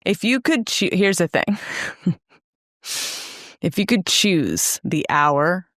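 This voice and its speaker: A woman's voice: lowish voice, lively intonation, takes it slowly, fairly bright tone, no room sound, clean studio sound. A young woman co-hosting a podcast, chatting casually with playful, teasing banter. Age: young adult. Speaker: podcast co-host. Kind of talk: casual chat.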